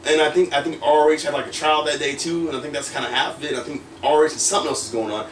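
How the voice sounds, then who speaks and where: A man's voice: a little high, fairly even intonation, very fast. A man telling a story in a casual interview, rambling and full of fillers, acting out quoted lines. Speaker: wrestler guest. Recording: roomy echo, distant from mic, faint noise.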